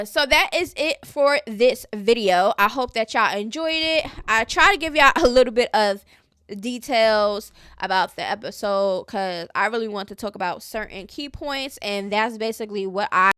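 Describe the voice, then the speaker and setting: A woman's voice: a little high, sharp tone, clear, resonant tone, no room sound, studio quality. A woman hosting her own commentary channel, giving a casual, blunt and sassy recap of a reality show and scolding the cast directly.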